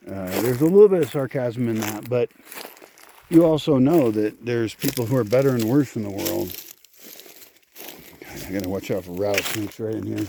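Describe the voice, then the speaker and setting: A man's voice: mid-range voice, moderate pace, mellow, slight background noise. A man vlogging outdoors on his rural land, talking casually and sardonically, swearing and muttering to himself. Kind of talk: casual walking vlog.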